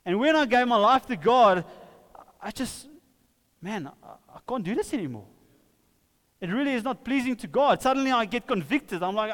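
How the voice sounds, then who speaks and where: High-voiced man preaching in a hall. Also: expressive, moderate pace, long pauses, a bit bright. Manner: casual, conversational preaching with acted quotes. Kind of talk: sermon.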